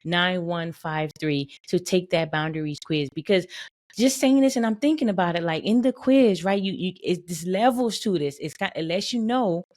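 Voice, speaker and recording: Emphatic woman podcast host, low voice. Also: moderate pace, darkish tone. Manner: emphatic, repeats "right?" and restates points. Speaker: podcast host and boundaries coach. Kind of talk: motivational solo podcast talk.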